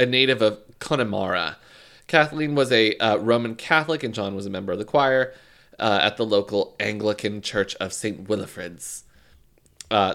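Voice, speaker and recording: Casual podcast man with lively pitch. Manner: swearing, joking, loose and offhand. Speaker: podcast co-host. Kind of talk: casual chat, true crime storytelling.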